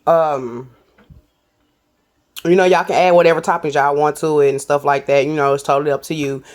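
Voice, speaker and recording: A woman's voice: low-pitched, steady tone, normal speed, a little mellow. Lady doing a cooking vlog, chatty, keeps saying y'all. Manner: chatty, addresses viewers as y'all. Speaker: cooking vlogger.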